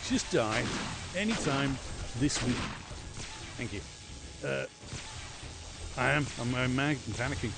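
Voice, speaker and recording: Male streamer, gravelly, lively pitch, sweary running commentary, noisy game audio behind. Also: unhurried, long pauses. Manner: excitable, swears often, chats to viewers while playing. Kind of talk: live gameplay commentary.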